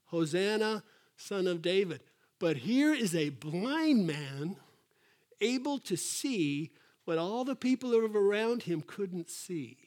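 A man preaching with an animated delivery and a slightly high-pitched voice. He acts out quotes in a raised voice, then drops to soft, quiet asides. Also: takes it slowly. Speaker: pastor. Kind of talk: sermon.

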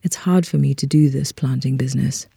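A reader telling a literary short story aloud in an unhurried, measured way. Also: mid-range voice, gravelly, mellow, husky, no room sound, clean studio sound.

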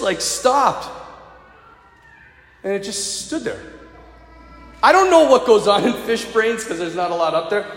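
A man delivers a lively sermon in a high, expressive voice that rises and falls sharply. He tells stories with energy and calls his listeners to action. The recording carries a long reverb from the hall and faint room noise behind him. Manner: animated storytelling, laughs and yells in the telling. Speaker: preacher. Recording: echoey church hall, faint ambience.

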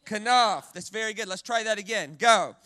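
A man preaching a sermon with a very high, bright voice and a dry, close sound. He is animated, has the crowd repeat words back to him, and often stumbles and restarts mid-phrase. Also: fairly quick, no echo. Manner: animated, leads the crowd in call-and-response repetition. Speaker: guest preacher.

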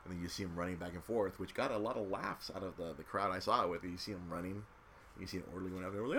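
A man's voice: low voice, very fast, fairly bright tone, slight background noise. A man in casual chat recapping a movie, swearing freely and acting out quotes in silly voices.

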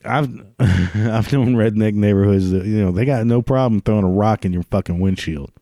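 A man's voice: fairly low pitch, normal speed, gravelly, mellow, no echo, studio quality. Man ranting, crude and swearing. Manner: crude, swears constantly, laughs at his own jokes. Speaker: ranting commentator. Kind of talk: profane comedic rant.

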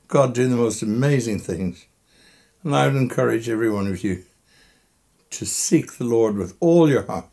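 A man's voice: mid-range voice, gravelly, dark tone. Old guy, 75, breathless and choked up, chuckling, bedside podcast, mic on the bedsheet. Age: 70s. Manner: reflective, chuckling, choked up at times. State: emotional and breathless. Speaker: interviewee. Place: bedroom, recorded from bed. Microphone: microphone resting on the bedsheet.

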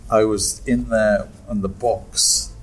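A man's voice: fairly low pitch, steady tone, extremely slow, low-quality recording. A man, a guest in a pub chat, telling wry anecdotes and laughing easily. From Britain. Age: 60s. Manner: wry, storytelling, chuckles often. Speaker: guest author. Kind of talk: conversational anecdote.

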